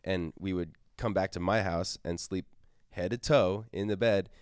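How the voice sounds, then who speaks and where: A young man with a fairly low voice tells stories in relaxed podcast chat. He laughs often and bursts into loud impressions when quoting. The sound is dry and close. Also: normal speed, smooth, dry recording. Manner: laughs often, acts out quotes loudly. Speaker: podcast host. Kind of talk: casual storytelling chat.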